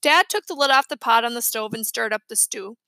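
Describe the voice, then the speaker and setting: A woman reading a children's chapter book aloud with lively storytelling. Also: a little high, fairly quick, no room sound. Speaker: reader.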